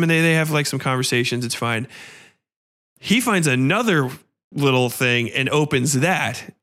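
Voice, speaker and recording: A man hosts a casual podcast chat about a film and swears freely as he talks. His delivery is animated and his voice sits fairly high for a man. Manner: profane, animated retelling. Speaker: podcast host.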